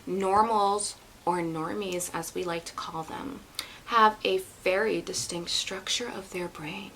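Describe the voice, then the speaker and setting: A woman imitating an overly serious, boring female lecturer in a flat, hushed, half-whispered voice. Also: lowish voice, measured pace, slight background noise, low-quality recording. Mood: mock serious.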